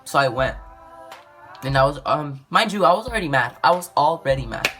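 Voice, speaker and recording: A woman's voice: low-pitched, lively intonation, quick pace, soft background music. A woman vlogging to camera, ranting in a rambling, exasperated way and saying "like" constantly. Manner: exasperated, rambling, says "like" a lot; swings between loud and muttered.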